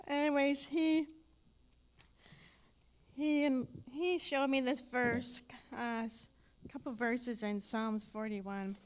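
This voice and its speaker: Woman, church testimony, slow, higher voice, tearful, hesitant. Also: fairly even intonation, clear, resonant tone. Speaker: guest speaker sharing a testimony.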